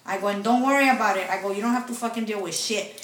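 A young woman talks very fast in a mid-range voice, telling friends a personal story full of swearing and shifts between English and Spanish. She's far from the mic, in an echoey room with faint noise.

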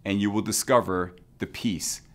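A man speaking as a bishop, giving a short reflection in a gentle, measured pastoral way with phrase ends that drop softly. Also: fairly low pitch, fairly even intonation, noisy background. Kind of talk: short spoken sermon reflection.

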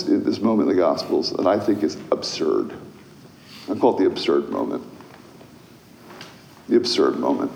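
A man preaching a sermon as pastor, musing at times and rising to loud, emphatic proclamation. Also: sits low, vocal fry, a little hiss or hum. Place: church. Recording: echoey church hall.

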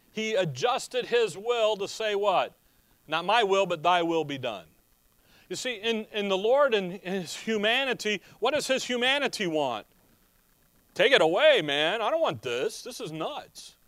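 High-voiced man preaching, dry close sound. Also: fairly bright tone, dry recording. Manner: conversational, asks rhetorical questions. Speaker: pastor. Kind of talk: expository sermon.

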